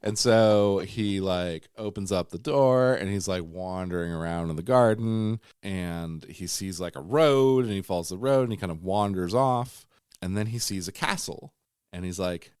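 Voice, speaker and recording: A man's voice: lowish voice, expressive, moderate pace, darkish tone, clean tone, no room sound, studio quality. A man co-hosting a podcast, casually and playfully retelling a story and putting on mock voices for the character. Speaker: podcast co-host.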